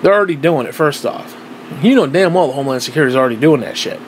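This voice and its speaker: A vlogger records himself on a tablet microphone, delivering a blunt, profane monologue in which he insistently repeats himself. His voice is on the high side, animated and racing, with slight noise behind him.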